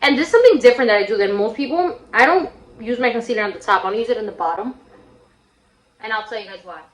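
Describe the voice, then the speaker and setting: This makeup vlogger's fairly high voice moves quickly with lively intonation. While working through her tutorial, the young woman recounts a childhood tale in slangy, relaxed language, shrieking as she imitates her friends, all in an echoey room.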